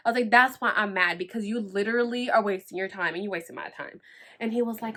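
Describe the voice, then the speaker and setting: Woman, casual storyteller, sharp bright tone, slightly high voice, blunt, swears a lot. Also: quick pace. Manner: blunt and animated, swears freely; heavy use of "like". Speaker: podcast host.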